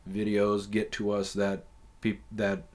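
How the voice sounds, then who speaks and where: A man with a fairly low voice tells a story in a loose, meandering way. He swears freely and keeps stopping on "uh" and "um" as he talks, like a host chatting off the cuff. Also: completely flat delivery, slow pace, a little mellow. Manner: profane, loose and conversational with many fillers. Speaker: podcast host. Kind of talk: casual rambling storytelling.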